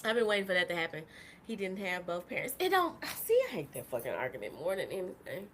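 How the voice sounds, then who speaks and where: Female podcast host, heated profane monologue, bright edgy tone, faint room hum. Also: lowish voice, sing-song, fast talker. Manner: impassioned, profane, swings from soft to shouting. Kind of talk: live-stream monologue.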